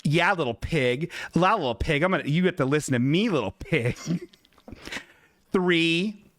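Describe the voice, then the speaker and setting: Comedy podcast co-host: man, slow and stammering, sarcastic, a bit high voice, dry close mic. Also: animated, a bit bright, no echo.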